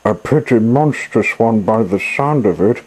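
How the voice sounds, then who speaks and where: Nervous storybook crocodiles hurrying away, voiced by a man reading aloud, anxious warnings pitched a bit higher and pushed louder, still husky. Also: expressive, measured pace, low-quality recording.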